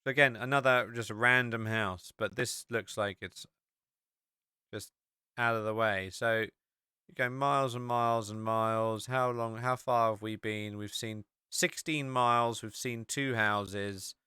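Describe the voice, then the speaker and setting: A man's voice: lowish voice, steady tone, a little slow, bright, forceful tone, smooth, dry recording, studio quality. An English man hosting a podcast, chatting casually and rambling with many fillers while he walks through a map on screen. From England. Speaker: podcast host.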